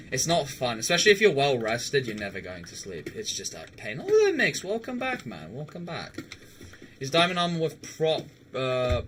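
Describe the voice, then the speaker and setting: A man's voice: medium pitch, bright, forceful tone, slight background noise. A young man chatting casually with viewers on a live game stream, laughing often and swearing now and then.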